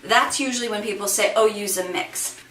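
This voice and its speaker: A woman singer and voice teacher talks through her vocal range in a relaxed, thinking-aloud way, full of "like" and "sort of". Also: medium pitch, brisk. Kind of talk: casual vocal demonstration. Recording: echoey room, distant mic, faint hiss.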